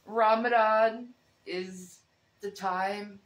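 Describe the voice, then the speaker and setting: A woman's voice: mid-range voice, steady tone, drawn-out words. A woman co-hosting a casual livestream in a sleepy, laid-back way. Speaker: livestream co-host. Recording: echoey room.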